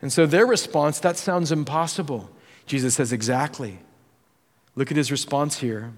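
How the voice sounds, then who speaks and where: A man preaching a sermon as pastor, acting out quoted voices and swinging between loud and hushed. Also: fairly high pitch, normal speed, in a large hall. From United States.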